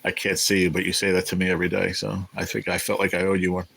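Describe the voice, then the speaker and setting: Deep-voiced rambling livestream host. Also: male voice, completely flat delivery, quick pace, creaky, a bit bright, husky, poor audio. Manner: rambling, profane, chatty with viewers. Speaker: livestream host reading chat. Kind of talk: casual livestream chat.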